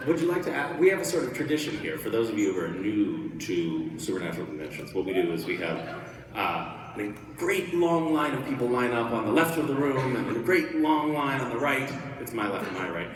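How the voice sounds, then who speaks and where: A man joking with fans in a casual Q&A, teasing and deadpan. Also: medium pitch, brisk, noisy background. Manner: teasing, playful, deadpan jokes. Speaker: convention panel guest. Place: large convention hall. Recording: echoey convention hall, distant mic, loud crowd.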